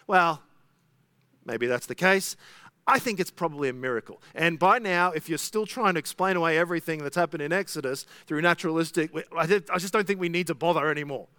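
A man's voice: fairly high pitch, a little fast, sharp tone, clear, resonant tone, no room sound. A pastor preaching an expository sermon in a conversational way, often asking his listeners rhetorical questions.

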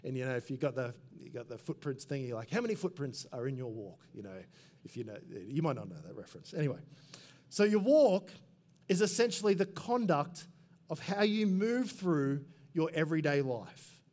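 A man preaching a sermon in a relaxed, conversational way, full of asides and quick fillers. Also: fairly high pitch. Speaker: pastor.

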